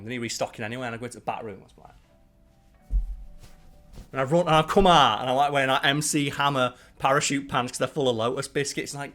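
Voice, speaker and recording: A man's voice: medium pitch, a little fast, fairly bright tone, faint music behind. A man hosting his channel, chatting casually and rambling through strong opinions with plenty of swearing. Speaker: channel host ranking biscuits. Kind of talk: casual live-stream chat.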